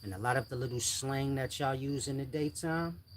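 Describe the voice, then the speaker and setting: An older man hosts a channel and gives his viewers blunt advice in street slang during a casual monologue. His voice is mid-range at a moderate pace, with crickets and insects faintly audible in the background.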